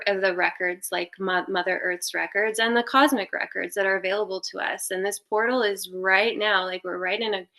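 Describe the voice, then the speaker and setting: A woman's voice: mid-range voice, bright, forceful tone. A woman giving spiritual advice in a casual, meandering way, with many fillers and restarts. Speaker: spiritual guest speaker.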